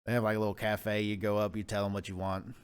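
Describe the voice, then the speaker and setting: A man's voice: lowish voice, flat delivery, quick pace, clean tone. A man co-hosting a podcast, telling a rambling, profane story in casual chat. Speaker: podcast co-host.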